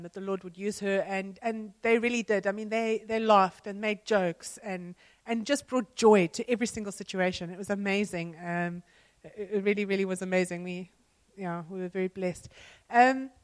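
Mid-pitched woman, earnest and reflective church testimony. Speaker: church member sharing mission report.

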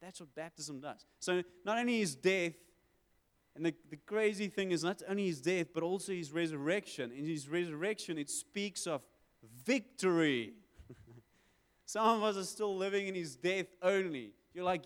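A man preaching a sermon, conversational with quick asides and emphatic swells. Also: on the high side, smooth. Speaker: pastor. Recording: hall with long reverb.

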